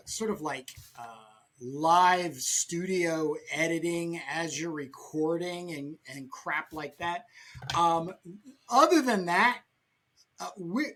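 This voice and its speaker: A man hosting a casual podcast chat, talking quickly and rambling with many restarts. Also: a little high, bright, forceful tone. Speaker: podcast host.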